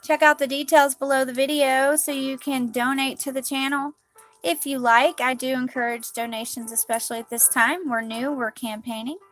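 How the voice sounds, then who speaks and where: A woman's voice: high-pitched, steady tone, moderate pace, a bit bright, soft background music. A woman reading spiritual cards on a live stream in a gushing, dreamy way she calls quirky. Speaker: spiritual card reader.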